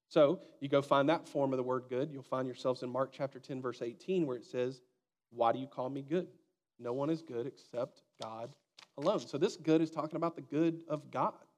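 A man in his thirties preaching a sermon, telling a story with lively acted-out dialogue. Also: a little high. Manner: storytelling, animated, acts out quoted dialogue. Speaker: pastor.

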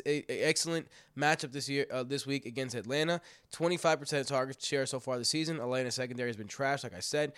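A man's voice: medium pitch, fairly bright tone, clean tone, no echo. A man with a cold hosts a casual sports chat, loose and joking in his talk. His voice sits in a middle range and sounds dry and close on the mic. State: sick with a cold. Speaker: podcast host. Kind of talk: casual fantasy football chat. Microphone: computer microphone.

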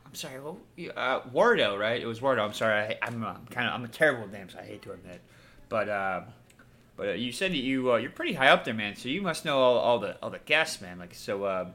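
A man's voice: mid-range voice, animated, fast, sharp tone. A man playing a tabletop game in a laid-back, hesitant, joking manner. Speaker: player. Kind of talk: casual tabletop role-play.

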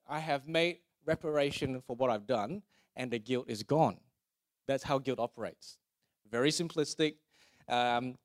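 Man, high-pitched; pastor preaching a casual, humorous sermon with call-and-response. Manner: conversational, jokey, asks the congregation to repeat lines.

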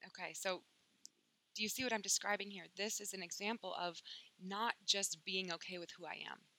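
Bright-voiced woman teaching spirituality. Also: medium pitch, steady tone, normal speed, poor audio. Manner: emphatic, swears casually, acts out inner voices.

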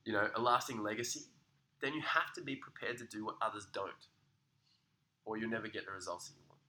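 Bright, punchy man. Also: fairly low pitch, quick pace, rough recording. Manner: energetic, motivational, sweary banter. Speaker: podcast co-host. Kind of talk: casual chat.

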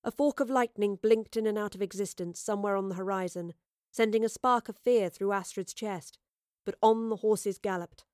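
A woman reads a storybook aloud, steady and expressive, at a moderate pace. Her voice is mid-pitched, and the recording is close and dry with no room sound.

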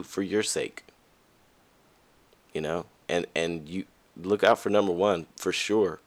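A man hosting a podcast, talking candidly and casually to listeners, with frequent fillers and restarts, and his voice jumps up high when he stresses a point. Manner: lively, pitch jumps high for emphasis. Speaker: podcast host. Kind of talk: casual motivational monologue.

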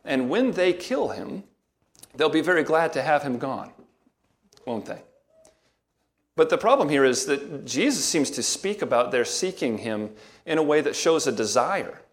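A man preaching a sermon, reading scripture aloud, then explaining it in a measured, emphatic way with rhetorical questions. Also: a little high, sing-song. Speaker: pastor.

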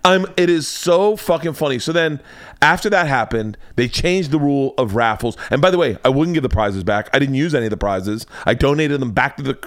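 A man's voice: medium pitch, fairly quick, no echo. A man hosting a podcast, telling a boastful story in casual chat and swearing freely. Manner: animated, boastful, profane storyteller. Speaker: podcast host.

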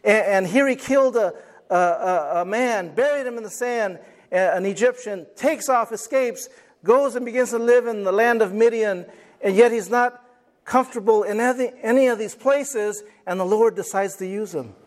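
A man's voice: high-pitched, normal speed. A man preaching a sermon to his congregation, acting out the voices of biblical figures and asking for an "amen". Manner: animated, acts out quoted voices; call and response with congregation. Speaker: pastor.

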